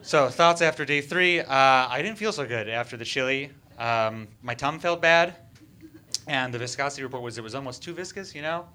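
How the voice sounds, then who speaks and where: Deadpan comedian with a bright voice. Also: male voice, mid-range voice, brisk. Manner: deadpan mock-serious presentation with hesitant fillers. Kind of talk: stand-up slideshow bit.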